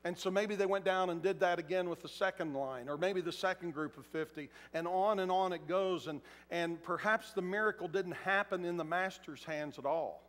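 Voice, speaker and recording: A man's voice: sits high, normal speed, few pauses, fairly bright tone. A man preaching a sermon in a large church auditorium, talking conversationally and acting out quotes. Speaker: pastor. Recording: echoey hall.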